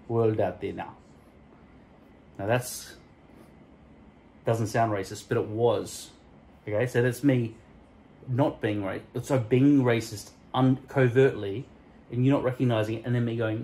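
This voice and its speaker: A man's voice: mid-range voice, steady tone, measured pace, pauses often, a little mellow, rough recording. A man vlogging a rambling, profane rant full of tangents and mock-offensive jokes, filmed on a phone stuck to a mirror at home. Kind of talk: rambling solo rant to camera. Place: indoors at home, in front of a mirror. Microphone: phone camera stuck to a mirror.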